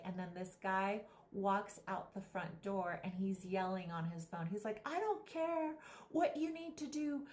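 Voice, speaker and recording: A woman vlogger and spiritual guide who tells a story animatedly and acts out the people she quotes. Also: lowish voice. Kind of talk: storytelling vlog. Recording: echoey room.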